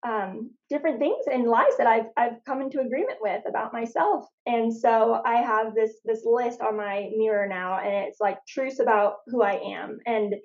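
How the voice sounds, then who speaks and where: Woman from Phoenix, podcast guest; lively storyteller with a fairly high voice, a bit lo-fi. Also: moderate pace, few pauses. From Phoenix, Arizona. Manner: animated storyteller, lots of "like" and restarts. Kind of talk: casual faith podcast conversation.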